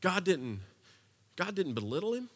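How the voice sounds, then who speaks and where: A man preaching a sermon in a conversational way, dropping to a hush and then building to impassioned passages. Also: high voice, sing-song, moderate pace, breathy edge. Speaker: pastor.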